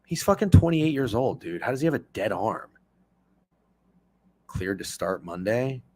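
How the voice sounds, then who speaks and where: In his thirties, a man runs a sports betting stream, responding to chat in an excitable, casual way laced with profanity. His pitch is medium and his pace a little slow.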